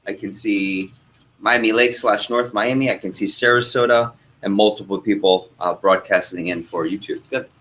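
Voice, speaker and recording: A man's voice: lowish voice, fairly even intonation, normal speed, fairly bright tone, poor audio. A young man, a sales trainer, teaching a workshop room and telling a story, asking the audience questions as he goes.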